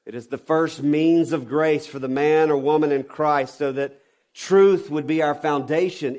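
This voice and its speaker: A pastor preaching a sermon, emphatic, with rhetorical questions and swings from loud stresses to quiet drops. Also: male voice, fairly high pitch.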